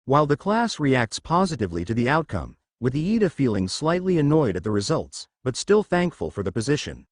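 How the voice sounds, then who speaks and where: A man narrating a fan-written story in a lively, expressive reading voice. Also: medium pitch, a little fast, hardly any pauses, no echo, clean studio sound. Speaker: fanfiction narrator.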